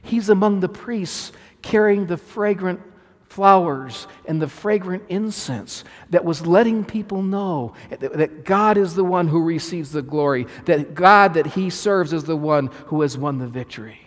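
A man's voice: high voice, measured pace, in a large hall. A man preaching a sermon as pastor, earnest and emphatic, restarting phrases as he explains scripture.

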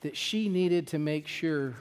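A man preaching a sermon, reading a children's story aloud and drawing lessons from it in a measured, reflective, earnest way, in a church sanctuary. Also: a little high, smooth. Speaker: pastor. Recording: long hall reverb.

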